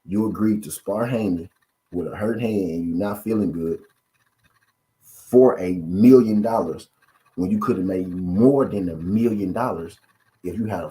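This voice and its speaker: Deep, dark-voiced man ranting about boxing. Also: normal speed. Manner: repetitive, full of rhetorical questions to viewers. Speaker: boxing commentary channel host. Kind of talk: casual boxing commentary rant.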